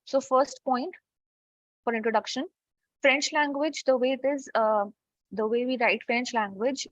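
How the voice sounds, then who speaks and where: A woman's voice: on the high side, no echo. A woman teaching French in an online class, explaining step by step and checking in with "okay" often. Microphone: video call. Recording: dull lo-fi online call audio.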